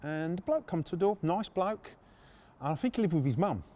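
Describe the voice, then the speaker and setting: A man hosting a storytelling podcast, brash and animated, with frequent swearing. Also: fairly high pitch, a little fast. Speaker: podcast host.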